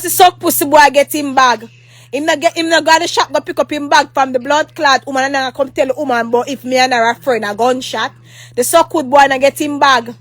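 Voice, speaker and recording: High-voiced Jamaican woman ranting. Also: brisk, fairly bright tone, soft background music. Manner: rambling, repetitive, swears often; breaks into mock prayer. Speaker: vlogger. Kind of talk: ranting storytime monologue.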